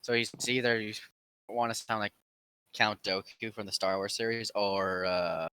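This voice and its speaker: A man's voice: fairly low pitch, fairly even intonation, moderate pace, pushed and bright, slight background noise. A man in a casual game voice chat, bantering in an easygoing, chatty way. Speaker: game player.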